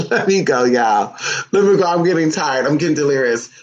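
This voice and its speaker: A man's voice: on the high side, expressive, normal speed. A man in casual vlog talk, playful and sassy, cooing baby talk at his dog between remarks to viewers. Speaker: vlogger. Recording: dull lo-fi sound.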